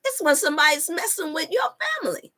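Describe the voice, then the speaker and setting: A woman speaks to her online viewers in a fairly high, bright voice. She preaches with emphatic repetition and scripture references, addressing the audience as "you all.". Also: animated, quick pace. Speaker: wellness coach and channel host. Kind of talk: live-stream preaching talk.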